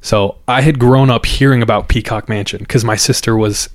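A man's voice: medium pitch, fairly even intonation, moderate pace, dry recording. A man hosting a podcast, telling a story in a loose, conversational way, repeating words and using fillers. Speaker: podcast host. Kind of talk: casual spoken storytelling.

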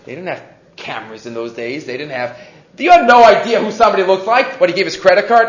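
A man giving a Torah class as a rabbi, an animated storyteller who weaves Hebrew quotes into his English. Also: high voice, fast. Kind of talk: weekly Torah portion lecture. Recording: roomy, dull lo-fi recording.

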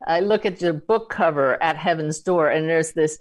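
Female radio host, low register, brief affirming interviewer. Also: normal speed.

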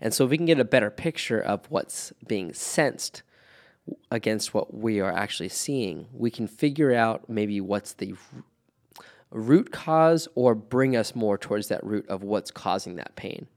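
A lower-pitched man lays out a movement assessment method. He moves through terms and body parts in a steady, orderly way. The tone is calm conversation between colleagues. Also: unhurried. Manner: methodical, lists terms step by step. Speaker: movement practitioner. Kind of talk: conversational explanation.

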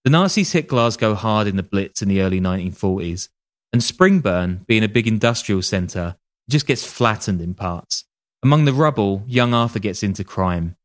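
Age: adult. Sex: man. Style: wry casual true-crime storytelling. Pitch: lowish. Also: animated, moderate pace. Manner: wry, joking asides, swears casually. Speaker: podcast host.

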